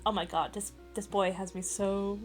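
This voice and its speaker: A woman's voice: medium pitch, fairly even intonation, moderate pace, faint music behind. A woman streamer reading a visual novel aloud, breaking off into giggly, playful asides. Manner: giggly, playful asides between read lines.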